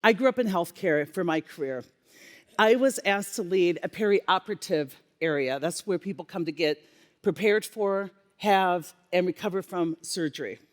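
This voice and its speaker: A woman giving a keynote on stage, telling a workplace story with lively acted-out dialogue. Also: medium pitch. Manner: animated storyteller acting out dialogue. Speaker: keynote speaker, former healthcare leader. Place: conference stage. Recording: long reverb of a conference hall.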